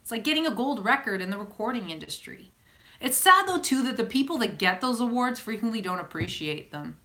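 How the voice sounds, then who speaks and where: Rambling Canadian woman with a bright voice. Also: medium pitch, sing-song, a little fast. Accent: Canadian, Calgary Alberta. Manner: rambling, self-interrupting, chatty. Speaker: YouTuber answering viewer comments. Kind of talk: casual live chat.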